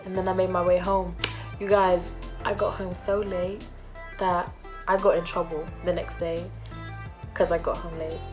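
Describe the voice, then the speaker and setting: A young woman telling a storytime vlog, animated and acting out quotes in different voices. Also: lowish voice, normal speed, long pauses, music in the background. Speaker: vlogger.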